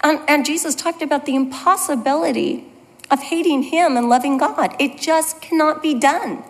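A woman's voice: high-pitched, moderate pace. A woman teaching a Bible study in a conversational, self-deprecating storytelling manner. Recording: long hall reverb.

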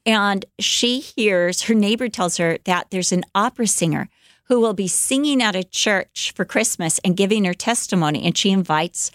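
A woman co-hosting a podcast, telling a life story in an animated way, with many fillers, and acting out the quotes. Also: mid-range voice, moderate pace, dry recording, clean studio sound. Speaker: podcast co-host telling a biography. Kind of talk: casual storytelling chat.

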